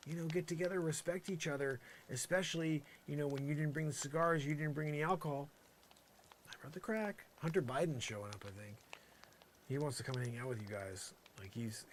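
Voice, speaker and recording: A man's voice: fairly high pitch, fairly bright tone, slight background noise. A man doing an improvised comedy monologue, rambling with exasperated sarcasm and lots of filler phrases. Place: campsite, pretend outdoors.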